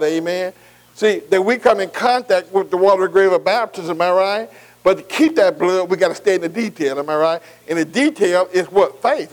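A man's voice: high voice, rough recording. A man preaching a call-and-response sermon, asking "am I right?" again and again. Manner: repeats "am I right?" to the congregation.

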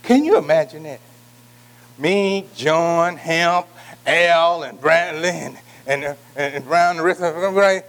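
A man's voice: on the high side, takes it slowly, fairly bright tone. A man teaching an informal Bible study, folksy and repetitive, calling out to listeners by name.

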